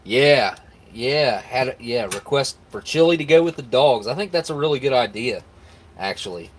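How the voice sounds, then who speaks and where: His mid-range voice has lively intonation and a moderate pace, with slight background noise behind it. He's an American live-stream host from the United States who rambles easily and casually over viewer comments, restarting and laughing often.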